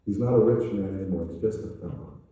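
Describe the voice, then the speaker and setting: An older man, an evangelist preaching a sermon, telling a story in an animated way and acting out its voices. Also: sits low, fast, highs cut off. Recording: echoey hall, voice from a distance.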